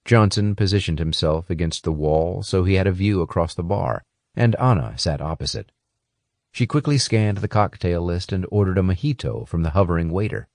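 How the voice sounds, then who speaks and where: A man reading a thriller audiobook in a steady, even scripted narration. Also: deep voice, no echo, clean studio sound.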